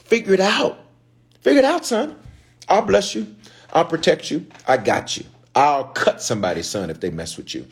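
A man's voice: medium pitch, huge pitch swings, normal speed, husky, heavily acted. A preacher voicing God as a fatherly, fiercely protective figure who repeats short, emphatic commands.

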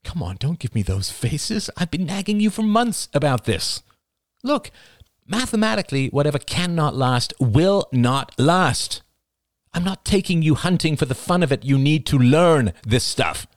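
A man's voice: fairly high pitch, sing-song, measured pace, no room sound, clean studio sound, pitched above the performer's own voice. A man voicing Oliver, an earnest young man lecturing his friends with growing intensity about coming collapse. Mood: urgent lecturing.

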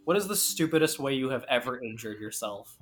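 A woman's voice: extremely low pitch, expressive, a little fast, faint music behind. A Canadian woman co-hosting a podcast in casual chat, enthusiastic and profane, often repeating her words. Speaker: podcast co-host.

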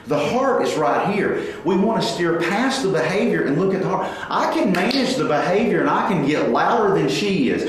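A man in his forties giving a faith-based parenting talk, animated and acting out family dialogues. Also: high voice. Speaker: parenting speaker. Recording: very echoey room.

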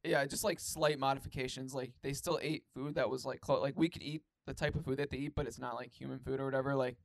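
A man's voice: medium pitch, fairly even intonation, fast talker, creaky, a little hiss or hum. A young man co-hosting a podcast in casual chat, rambling with many fillers. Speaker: podcast co-host.

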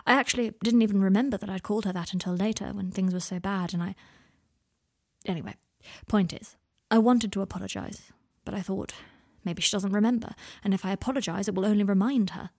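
Woman reading as a gentle fatherly man, soft, confiding, gravelly, breathy, audiobook. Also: steady tone, a little fast, natural voice. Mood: tender. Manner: soft, low-key, confiding. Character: gentle male parental figure, tender and open.

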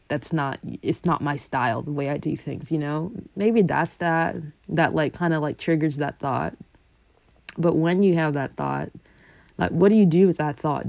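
A young woman from a Congolese family, talking casually and animatedly, swinging from loud bursts to low asides. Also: vocal fry, dry recording. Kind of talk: casual monologue.

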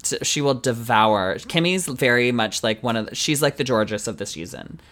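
A man co-hosting a podcast in casual chat, animated and laughing often, with the odd swear word. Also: mid-range voice, normal speed. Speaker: podcast co-host.

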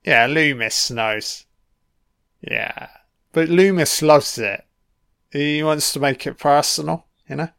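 Bloke slagging off a horror film, slow drawl, swears a lot, clean dry close-mic sound. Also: male voice, fairly high pitch, vocal fry, a bit bright, clean tone, no echo. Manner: sweary, sardonic, mocking. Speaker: film commentator. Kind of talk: casual film commentary.

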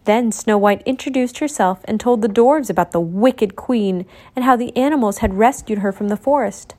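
A woman narrating a children's storybook in a clear, steady way. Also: fairly high pitch, normal speed, hardly any pauses.

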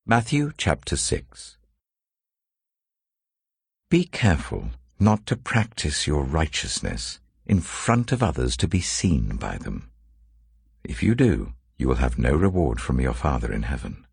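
A man slowly and solemnly reading scripture aloud, with a very deep, gravelly, husky voice. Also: no room sound, clean studio sound. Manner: slow, measured, expressive reading. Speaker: scripture reader.

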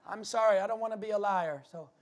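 A man with a strikingly high voice preaches in church. He works the congregation, shouting his key points and then slipping into quick, offhand asides. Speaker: pastor. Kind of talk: sermon.

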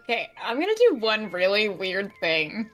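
A woman's voice: medium pitch, very animated, moderate pace, a bit bright, soft background music. A woman playing a tabletop game, describing her character's actions playfully. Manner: playful, giggly. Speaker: player.

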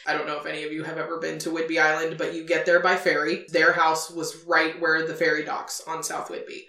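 A woman's voice: low voice, flat delivery, brisk, bright, forceful tone. A young adult woman, telling a story casually as a podcast co-host, with lots of "like" fillers. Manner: chatty, many "like" fillers. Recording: echoey room, a bit far from mic.

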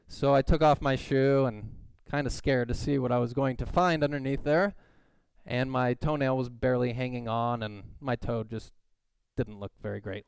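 A man delivers a sermon in a clear, resonant voice at an ordinary pitch. He tells stories with energy and acts out the people in them. The sound is close and dry. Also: no echo. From California. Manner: animated storytelling, acts out quoted voices. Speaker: pastor. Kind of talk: sermon with personal story.

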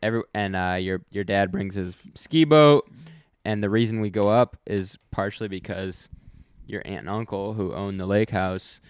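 A man's voice: lowish voice, normal speed, clear, resonant tone, no echo. A young man co-hosting a podcast, telling stories in a laid-back, rambling casual chat. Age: young adult. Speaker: podcast co-host.

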